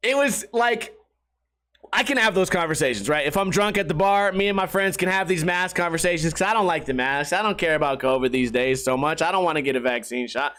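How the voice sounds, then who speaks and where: A man's voice: fairly high pitch, a little fast. A man hosting a comedy podcast, telling stories in a rambling, profane, casual monologue. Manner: profane, rambling, animated storytelling. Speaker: podcast host.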